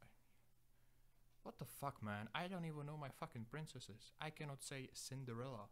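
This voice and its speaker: A man's voice: medium pitch, expressive, normal speed, a bit bright. A young man hosting a solo podcast, rambling through profane, self-deprecating digressions. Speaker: podcast host.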